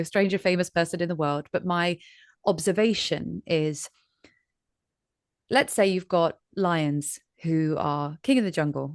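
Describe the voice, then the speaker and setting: A woman from Ireland hosts a conversational interview about boxing, lively and expressive, slipping into little acted-out voices as she tells a story. Her voice sits a touch low for a woman, and the recording is close and dry, with no room sound. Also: no echo. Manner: animated storyteller, acts out voices in analogies. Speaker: host.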